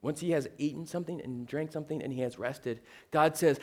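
Man, pastor, sermon, fairly high voice, earnest and chatty, playful asides. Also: a little fast, a little mellow.

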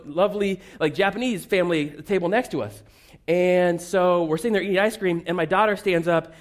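A man preaching a sermon as a pastor, telling funny family stories in a conversational, self-deprecating way. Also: high-pitched.

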